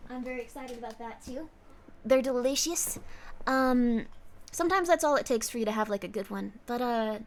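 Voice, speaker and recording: A woman streamer chatting casually on a livestream, bubbly and effusive, gushing praise to her viewers. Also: on the high side.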